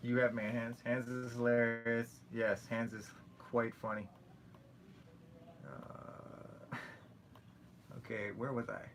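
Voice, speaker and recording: A man's voice: medium pitch, takes it slowly, long pauses, a little hiss or hum. A young man with a Canadian accent, hosting a casual livestream and chatting, joking and reading comments aloud. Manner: chatty, joking, animated when telling stories. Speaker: livestream host.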